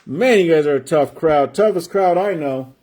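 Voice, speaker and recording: A man with a fairly high voice hosts a live card break stream. He chats in a loose, rambling way and stretches out each player's name as he reveals it. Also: normal speed, darkish tone. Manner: chatty, rambling, drawls out player names while opening packs.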